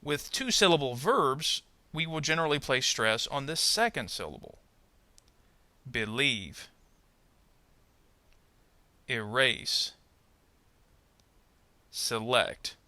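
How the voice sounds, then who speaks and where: A man narrating a pronunciation lesson, speaking carefully and modelling example words slowly. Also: fairly high pitch, very animated, bright, forceful tone, no echo. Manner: slow, careful, modelling word stress. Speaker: ESL pronunciation teacher. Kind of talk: scripted instructional narration.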